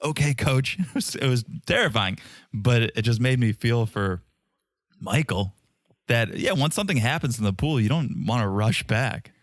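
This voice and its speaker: Lively-pitched man teasing as podcast co-host. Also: moderate pace, dry recording, studio quality. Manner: teasing, animated storyteller. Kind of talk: casual podcast chat.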